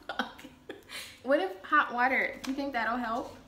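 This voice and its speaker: Woman, bright tone, slow unhurried delivery, giggly, anxious, swears, echoey room. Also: high voice, animated, slight background noise. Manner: giggly, anxious, swears a lot, calls partner baby. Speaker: vlogger doing the waxing. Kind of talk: casual chat with partner.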